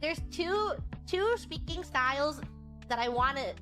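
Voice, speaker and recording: A woman's voice: sits high, expressive, a little slow, fairly bright tone, faint music behind. A woman streamer chatting casually, rambling and giggling often. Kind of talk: casual chat.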